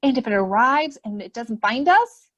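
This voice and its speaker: A woman's voice: fairly high pitch, animated, normal speed, muffled recording. A woman reading a doubtful little storybook bear. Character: unsure little bear friend in a picture book.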